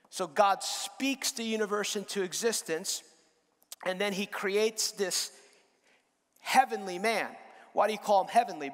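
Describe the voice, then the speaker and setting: A man preaching a sermon as guest speaker in a church, moving from slow, low statements to loud, repeated emphatic phrases, with frequent restarts. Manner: repeats words and restarts while building a point. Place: church sanctuary. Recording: long reverb of a large church hall.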